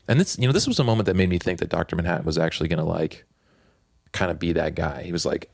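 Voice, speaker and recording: A man's voice: low voice, fast talker, creaky, dry recording, studio quality. A man co-hosting a comics podcast, retelling scenes casually and acting out the quotes. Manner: animated retelling, acts out quotes. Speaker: podcast co-host. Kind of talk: casual chat.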